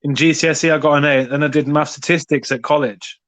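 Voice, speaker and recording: Cheeky host, higher voice. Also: male voice, fairly even intonation, quick pace, fairly bright tone. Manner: cheeky, argumentative. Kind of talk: casual podcast banter.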